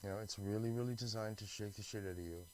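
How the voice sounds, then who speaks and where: A man's voice: on the low side, steady tone, fast talker, poor audio. A man from Canada talking in a rambling, restless monologue, full of restarts, fillers and swearing. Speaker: vlogger.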